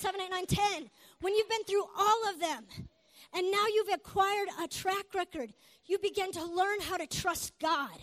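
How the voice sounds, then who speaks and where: A woman preacher giving an exuberant sermon to a congregation, shouting praise between points. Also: very high-pitched. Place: church before a congregation.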